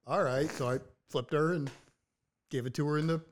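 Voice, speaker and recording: A man spins a long anecdote in relaxed podcast banter. His voice sits a little high, and he livens up when quoting others. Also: moderate pace, slight background noise. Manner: animated storyteller, acts out quotes in raised voice. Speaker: podcast co-host. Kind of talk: casual storytelling chat.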